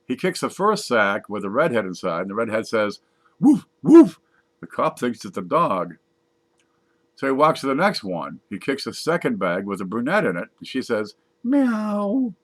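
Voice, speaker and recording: A man casually reading jokes aloud from a page, putting on higher voices for the punchlines. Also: fairly bright tone. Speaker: joke reader.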